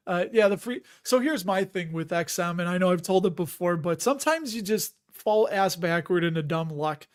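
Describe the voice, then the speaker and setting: A man with a Chicago accent hosting a casual live stream, rambling and chatty and often laughing as he reads out viewer comments. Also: high-pitched.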